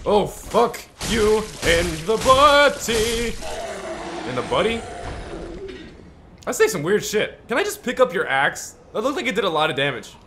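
A man doing let's play commentary on a video game, loud and profane, with screaming reactions and mock-heroic asides. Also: high voice, very animated, a little fast, pauses often, a little hiss or hum. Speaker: gaming YouTuber.

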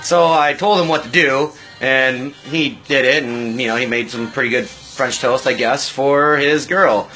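A man hosting a casual home cooking livestream from his kitchen, laid-back and chatty, walking through each step with lots of pauses and fillers. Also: medium pitch, sharp tone, soft background music, rough recording.

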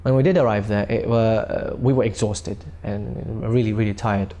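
A man's voice: on the low side, steady tone, normal speed, mellow. A man recounting his recitation tour in a documentary interview, earnest and often repeating and restarting words.

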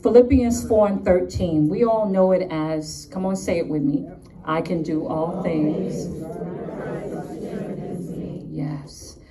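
A woman's voice: fairly low pitch, slow, pauses often, far from the mic, background noise. Fervent woman preacher with New York accent. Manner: fervent, repetitive emphatic lists. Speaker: conference speaker. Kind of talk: preaching and prayer. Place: conference hall.

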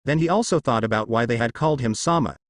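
A man narrating a fan-fiction story aloud in an animated way. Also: mid-range voice, quick pace, no echo, studio quality. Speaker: fanfiction narrator. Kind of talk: story reading.

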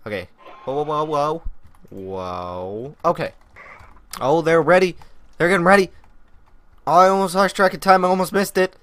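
A young man giving excitable let's-play commentary on a modded game, talking to the animals on screen. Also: medium pitch. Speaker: gaming youtuber.

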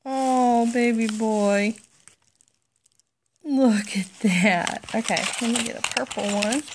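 A woman's voice: a little high, takes it slowly, a little hiss or hum. A woman vlogging casually as she unboxes a gift, gushing and baby-talking to her pets.

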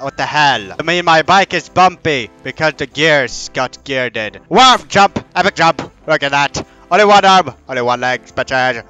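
Goofy young man yelling over a game. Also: fairly high pitch, expressive, unhurried, faint music behind. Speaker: let's play host. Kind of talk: gaming commentary.

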